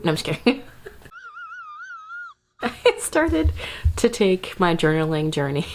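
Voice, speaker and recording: A chatty woman vlogger gives casual self-care advice straight to camera, laughing often and slipping into little asides. Her voice is slightly low and creaky.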